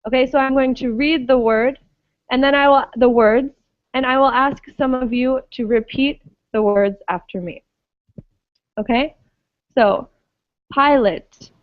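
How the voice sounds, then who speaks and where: Woman teacher, unhurried, slightly high voice, dry lo-fi call audio; leads drills patiently. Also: steady tone, no echo. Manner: slow, patient, checks understanding often. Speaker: English pronunciation teacher. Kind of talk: online class instruction.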